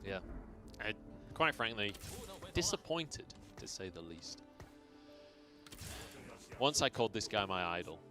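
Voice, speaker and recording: A man calls an esports match with a lively, swooping voice and a playful, joking manner. A clear music bed plays behind him. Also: lowish voice, unhurried, long pauses. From England. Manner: joking, animated banter. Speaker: esports caster. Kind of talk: casual esports commentary.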